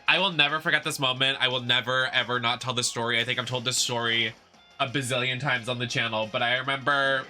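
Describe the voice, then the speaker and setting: Young male streamer, sassy and emphatic, very bright tone over faint game music. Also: medium pitch. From United States. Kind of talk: casual chat while gaming.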